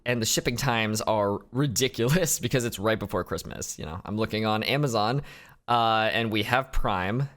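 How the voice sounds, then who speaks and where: A young man narrating a casual diary vlog in a rambling, self-deprecating way, halting and restarting often. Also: on the low side, fairly bright tone. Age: young adult. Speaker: vlogger.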